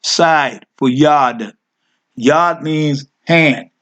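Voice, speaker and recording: Speaking very slowly in a fairly high, fairly bright voice with the highs cut off, this man walks listeners he calls family through a Hebrew word lesson. It's a casual screen-share, and he muses aloud as he clicks, fixing his own slips and gently urging everyone on.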